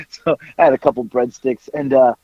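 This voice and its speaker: A man on a podcast telling a casual story, animated, acting out bits of dialogue and swearing casually. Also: mid-range voice, normal speed, dry recording, lo-fi sound. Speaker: podcast co-host.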